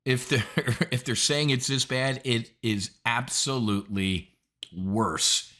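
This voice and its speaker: An emphatic man hosts a trading show and rants about the markets. His voice sits at an ordinary pitch. He talks bluntly and indignantly, leaning hard on his points. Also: slow, sharp tone. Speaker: options trading show host. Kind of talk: opinionated market commentary.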